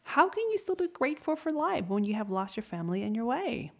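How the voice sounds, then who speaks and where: A woman's voice: fairly high pitch, sing-song, a little fast, gravelly, voice pushed up, full character voice. A woman voicing a grumpy, despairing male lobster in a storybook tale, with exasperated, whiny outbursts. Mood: curious, touched.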